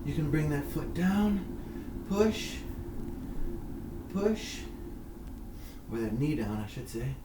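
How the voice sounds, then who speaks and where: A man coaches children through yoga poses with slow, encouraging, repeated cues. His voice sits a little high. He is recorded from a distance in an echoey room with faint background noise. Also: big pitch swings. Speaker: kids' yoga instructor. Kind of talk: guided workout instruction. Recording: echoey room, mic far off.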